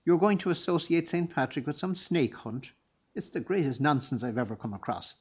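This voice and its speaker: A man voicing a short-tempered old abbot who shouts in scorn, in a storybook reading. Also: medium pitch, fast talker, dull audio, natural voice. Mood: furious.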